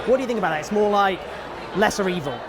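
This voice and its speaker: Male interviewer, higher voice, probing questions on a busy street. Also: lively intonation, fast talker, background noise. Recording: street interview with a crowd behind.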